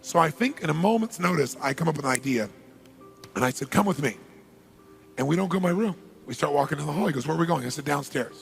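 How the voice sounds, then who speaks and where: Gravelly emphatic seminar speaker, a man. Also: on the high side, expressive, fast talker, soft background music. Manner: emphatic, repeats key phrases. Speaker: motivational speaker. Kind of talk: seminar storytelling.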